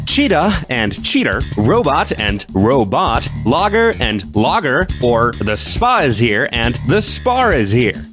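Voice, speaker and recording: A man's voice: medium pitch, very animated, slow pace, music in the background. A man voicing an indignant rival quiz host who lectures and scolds in a sarcastic, exasperated way.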